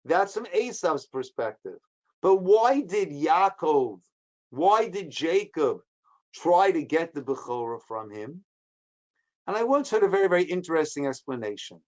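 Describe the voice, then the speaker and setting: A man, a rabbi, teaches a Torah class, going through the text line by line, posing questions and answering them himself, and acting out the speakers with quick, dramatic quoted snippets. His voice is fairly high and swings widely in pitch, with a darkish tone and the highs cut off.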